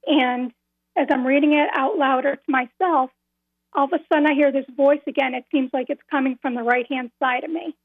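A caller to a radio program, this woman speaks in a high, steady voice through a tinny phone connection with no room sound. Her personal story comes out earnestly, with repeated phrases and slow, careful delivery at the important points.

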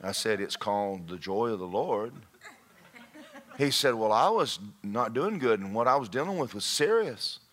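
Pastor, bright voice, tells jokes and shouts punchlines from the pulpit. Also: male voice, on the low side, animated, normal speed. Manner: humorous storytelling, shouting punchlines. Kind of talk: sermon. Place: church sanctuary.

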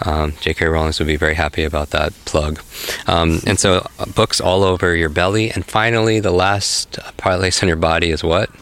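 A man guiding a memory exercise in an upbeat, encouraging way and telling lively stories. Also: low-pitched, normal speed, few pauses, smooth. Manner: energetic, encouraging, animated storytelling. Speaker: memory coach guest.

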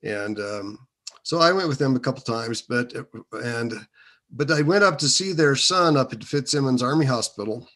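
Brief: man, middle pitch, bright forceful tone, meandering and filler-heavy storytelling. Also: animated, normal speed. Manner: hesitant and meandering, many fillers. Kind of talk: personal storytelling.

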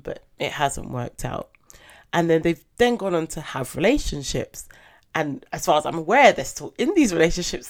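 A young woman hosting a podcast, chatting in a lively, animated way with sudden excited bursts. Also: deep voice. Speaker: podcast host. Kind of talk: casual podcast chat.

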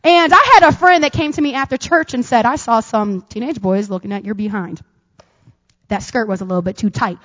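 A high-pitched woman preaches to a congregation, her voice carrying a long reverb through a large hall. She swings from loud, punchy emphasis to soft, quiet asides. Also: fairly quick, lo-fi sound. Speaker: pastor. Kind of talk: sermon.

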